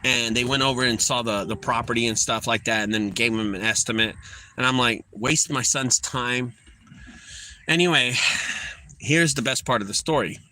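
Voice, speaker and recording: A man's voice: mid-range voice, brisk, pushed and bright. A middle-aged man, a junk removal business owner, telling a story in a profane, heated vlog rant.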